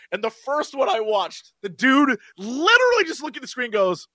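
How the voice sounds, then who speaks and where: A man co-hosting a podcast in casual chat, excitable and ranting as he acts out scenes, on a close mic. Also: very high-pitched, fairly quick, hardly any pauses, no room sound. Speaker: podcast co-host.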